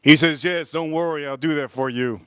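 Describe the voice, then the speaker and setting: A man's voice: a little high, fairly quick, a bit bright, clean tone, no echo, clean studio sound. A man hosting a livestream, casually telling a rambling, laughing story, repeating himself and swearing now and then. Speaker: livestream host.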